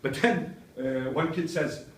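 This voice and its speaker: A man's voice: a little high, slow pace. A male university lecturer telling humorous anecdotes to a touring group, chuckling often. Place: indoor museum hall. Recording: echoey room, distant mic, faint ambience.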